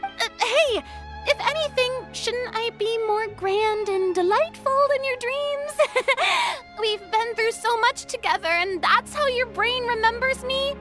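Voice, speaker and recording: A woman's voice: extremely high pitch, slow, music in the background. A woman voicing a theatrical, vain young diva in a video game, dramatic and easily flustered. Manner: dramatic and showy.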